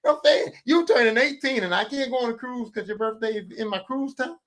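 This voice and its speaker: High, bright-voiced man ranting profanely. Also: quick pace, hardly any pauses. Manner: profane, animated storytelling, swings from loud bursts to low mutters. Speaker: podcast host. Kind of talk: casual comedic rant.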